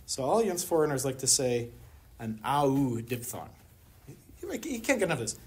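A lecturer delivers an academic talk, teasing the audience with rhetorical questions. The pitch sits in the middle, and a soft hiss runs underneath, as in a university lecture room. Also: big pitch swings, moderate pace. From Pittsburgh, USA. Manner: wry, humorous, rhetorical questions. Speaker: anthropology lecturer.

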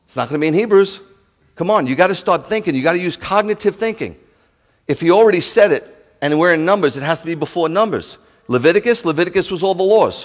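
A male rabbi preaching a sermon to his congregation, impassioned, swinging from loud declarations to hushed asides. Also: high voice, fast talker, big-room sound. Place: congregation sanctuary.

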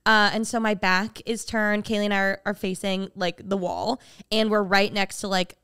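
Speaking at a moderate pace, this podcast co-host is a young woman with a clear, resonant voice who animatedly tells a story in casual chat, performing the quotes with large pitch leaps. It's studio quality with no room sound.

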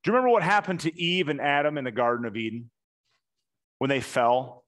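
A man preaching a sermon, telling the story with animated emphasis and slowing down hard on key points. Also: medium pitch. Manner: animated storytelling, acts out quotes, emphatic slow punchlines.

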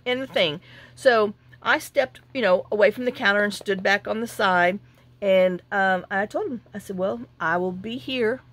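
A woman's voice: mid-range voice, fairly bright tone. A woman telling a long, indignant story in a casual vlog, full of restarts and acted-out dialogue. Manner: chatty and indignant, with many restarts and quoted dialogue. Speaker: journaling vlogger.

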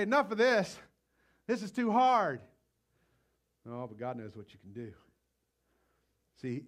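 A middle-aged man preaching a live sermon at a church service, energetic and exhorting, swinging between loud outbursts and low, quiet passages. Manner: energetic, exhorting, calls out "come on". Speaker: pastor.

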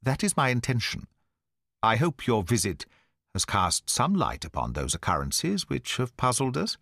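In an audiobook dialogue reading, a man voices a sly, nervous male naturalist who probes politely while hiding his alarm, and his mood is wary. The delivery is exaggerated and creaky, with lively pitch swings at a normal speed, in a dry, close recording.

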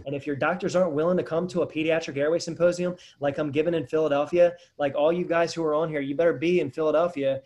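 A man's voice: a little high, darkish tone. A man, a dentist, hosting a casual webinar Q&A, talking energetically and rambling straight to viewers.

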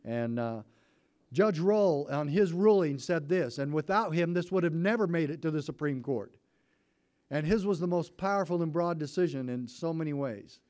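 A former sheriff giving a talk, telling a story in a folksy, conversational way and acting out the dialogue with rising excitement. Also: male voice, fairly high pitch, normal speed. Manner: animated, acts out quoted dialogue with rising excitement. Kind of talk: storytelling speech to an audience.

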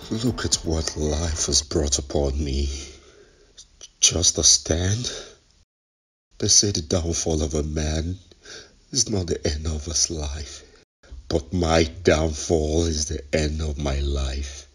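A man's voice: very deep voice, steady tone, slow pace, husky, full character voice. A man with a Nigerian accent playing a ruined man lamenting his downfall in a brooding monologue. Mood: despairing. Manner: brooding, self-pitying. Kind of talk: Nollywood film monologue.

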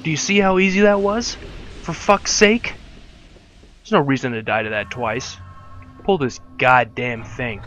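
A man's voice: medium pitch, measured pace, pauses often, a bit bright, muffled recording, faint music behind. A young adult man giving frustrated gameplay commentary from his room at home, cursing and muttering in exasperation at the game. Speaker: let's play commentator.

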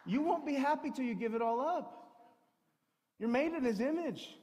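A male pastor preaching a sermon, swinging between forceful raised passages and quiet storytelling. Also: very high-pitched, lively intonation, normal speed. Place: church sanctuary. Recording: long hall reverb.

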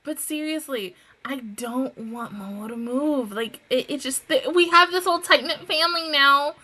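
Female reaction host, brightish higher voice, gushy and giggly, casual slang delivery. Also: normal speed. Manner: gushing and giggly, breaks into laughter; chatty with slangy asides. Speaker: anime reaction channel host.

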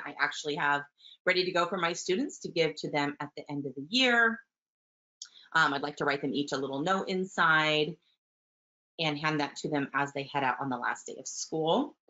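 A woman teaching early childhood, talking warmly about picture books and reading them aloud. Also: sits low. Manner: warm, gentle, enthusiastic teacher, with soft fillers. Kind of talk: webinar talk with book read-alouds. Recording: muffled webinar audio.

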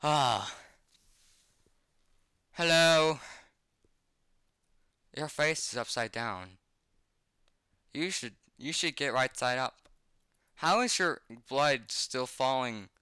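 A man reacts to a scary comic from his bed, reading it out loud through a laptop mic. He swears nonstop and yelps when startled. His voice is bright and crisp, and the sound is close and dry. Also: mid-range voice, animated, takes it slowly, dry recording. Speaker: webcomic reactor. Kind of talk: horror comic reaction, read aloud.

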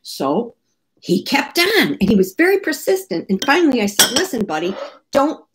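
A woman's voice: a little high, sing-song, normal speed, a bit bright. A woman from the United States, a cookbook author, casually telling a story to the camera in a chatty, exclamatory way.

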